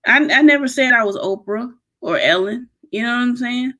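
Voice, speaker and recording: A woman's voice: a little high, a little fast, pushed and bright. A woman with a Detroit accent hosts her own podcast, chatting through a live Q&A. She rambles through stories and asides and laughs easily. The talk is loose and casual, as if streamed live from home. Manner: chatty, storytelling, laughs and drifts off-topic. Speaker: podcast host.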